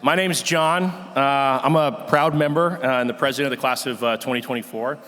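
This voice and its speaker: Speaking briskly in a medium-pitched, fairly bright voice, a young class president gives a heartfelt, emotional speech at a ceremony. He uses fillers often, and the large auditorium adds a long hall reverb.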